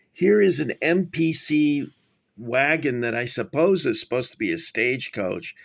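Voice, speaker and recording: Middle-aged man, gravelly voice, rambling casual show-and-tell, digressive. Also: medium pitch. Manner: rambling, digressive, many fillers. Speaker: toy collector reviewing figures.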